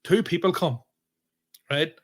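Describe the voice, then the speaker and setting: A young man with a Northern Irish accent, telling a story on a podcast in animated, sweary casual chat and acting out what people said. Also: fairly high pitch, slow pace. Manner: animated, swearing, acts out quoted exchanges. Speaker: podcast host.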